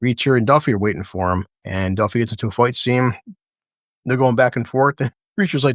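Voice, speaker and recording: A man's voice: mid-range voice, brisk, no room sound, studio quality. A man casually recapping a TV episode on a livestream, rambling, swearing a lot and laughing often. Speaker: show recap host.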